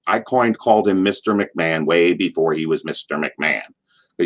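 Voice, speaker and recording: A middle-aged man, a former wrestler, telling stories in an interview, rambling through asides and acting out what people shouted. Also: low voice. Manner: animated, acts out quotes in a loud, drawn-out voice. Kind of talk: casual anecdotal storytelling.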